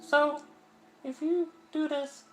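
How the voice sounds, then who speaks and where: A man voicing a cheerful teenage girl who hides her sadness, in a high, soft falsetto. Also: flat delivery, takes it slowly, slight background noise, low-quality recording. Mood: pleading.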